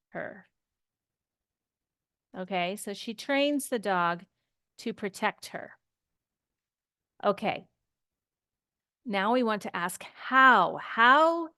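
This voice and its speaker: A woman's voice: mid-range voice, bright, forceful tone, clean tone, no echo, studio quality. A woman teaching English grammar, explaining patiently step by step with example sentences. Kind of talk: slow grammar lesson.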